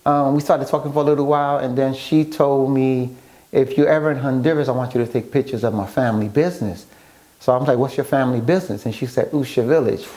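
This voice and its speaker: A man recounting how he met someone, in a relaxed interview. He slips into the voices of the people he talks about, keeping a middle-pitched, everyday voice. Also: quick pace. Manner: animated storyteller acting out quoted dialogue. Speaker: guest, author and photographer. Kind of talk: casual storytelling interview.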